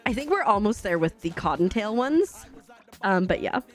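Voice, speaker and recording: A woman's voice: medium pitch, sing-song, moderate pace, faint music behind. A chatty woman with a light Canadian accent, laughing often as she talks casually to her live-stream chat while gaming. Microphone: desk microphone.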